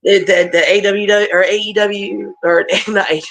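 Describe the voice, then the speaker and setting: Woman, pro wrestler guest on a video call, animated storyteller, swears freely, laughs through her stories, mid-range voice. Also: medium pitch, normal speed, a little hiss or hum, rough recording. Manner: animated, profane, laughs often. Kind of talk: casual storytelling.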